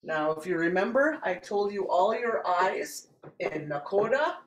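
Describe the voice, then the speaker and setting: Lady teacher going over words, says each one a few times, slow, echoey classroom. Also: mid-range voice, lively intonation. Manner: repeats words slowly and clearly for learners. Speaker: language teacher. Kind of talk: classroom language lesson.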